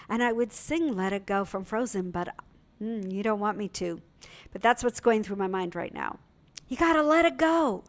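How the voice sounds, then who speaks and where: Woman, middle-aged, minister, inspirational sermon, expressive, fairly high voice. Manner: expressive, lively storytelling with soft asides.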